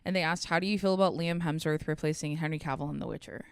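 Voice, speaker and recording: A woman's voice: deep voice, fast talker, vocal fry, clean tone, no room sound. A young woman co-hosting a podcast, chatting casually and making wry joking asides. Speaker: podcast co-host. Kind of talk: casual chat.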